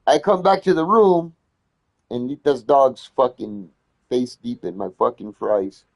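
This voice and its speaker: A man telling a heated story in casual conversation, swearing constantly and getting loud when he retells arguments. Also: medium pitch, measured pace, vocal fry.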